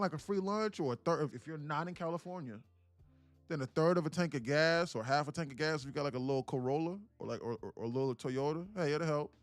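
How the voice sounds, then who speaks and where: A day trader with a fairly high-pitched voice hosts a casual live trading stream, telling a rambling story in a slangy way. There's no echo on the audio.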